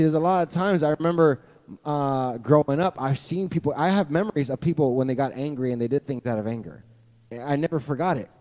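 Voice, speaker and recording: A man preaching a sermon, animated, with playful asides to the congregation. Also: fairly high pitch, big-room sound. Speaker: pastor.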